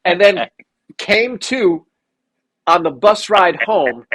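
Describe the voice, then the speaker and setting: Young guy, kinda high voice, cussing and doing voices in his stories. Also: sharp tone, low-quality recording. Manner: profane storyteller, acts out voices of others. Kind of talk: casual chat.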